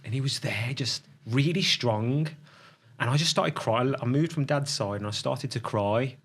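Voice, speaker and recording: A middle-aged man telling a personal story as a podcast guest, reflective and halting, often restarting his sentences. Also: medium pitch, fairly bright tone, breathy edge.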